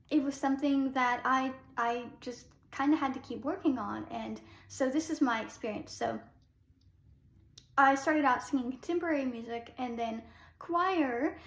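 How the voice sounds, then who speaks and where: A young woman with a fairly high speaking voice talks through a singing lesson in a loose, chatty way. She fills her sentences with small fillers and restarts. The room around her rings with a noticeable echo. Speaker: singing teacher. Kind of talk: voice lesson talk to camera.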